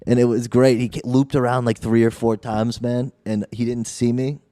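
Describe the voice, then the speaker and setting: A man's voice: medium pitch, moderate pace, dry recording, clean studio sound. A man guesting on a podcast as a comedian, telling stories with lots of "dude" and frequent laughter. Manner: animated storyteller, says "dude" a lot, laughs often. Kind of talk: casual storytelling chat.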